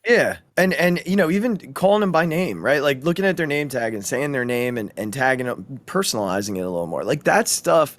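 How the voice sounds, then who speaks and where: A man's voice: mid-range voice, big pitch swings, fairly quick, few pauses, a bit bright, dry recording, studio quality. A man co-hosting a podcast, a teacher talking in an earnest, reflective way with many fillers and restarts. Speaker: podcast co-host. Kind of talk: casual chat.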